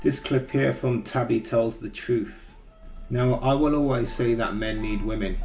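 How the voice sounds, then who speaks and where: A man's voice: mid-range voice, fairly even intonation, normal speed, vocal fry, darkish tone, reverberant, faint music behind. A man hosting a reaction commentary, speaking earnestly and giving advice on relationships. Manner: earnest, advising tone. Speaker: commentary host.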